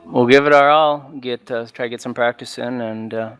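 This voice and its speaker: An American runner-up driver answers haltingly, with lots of uh's between short phrases. His mid-pitched voice is smooth and clear. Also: fairly even intonation, fairly bright tone. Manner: halting, many fillers.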